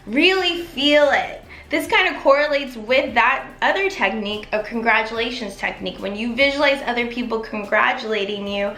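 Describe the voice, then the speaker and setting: A manifestation coach speaks straight to her viewers in an instructional vlog, upbeat and encouraging. Her voice is fairly high, pushed and bright, at a normal speed with few pauses, and the room sounds echoey.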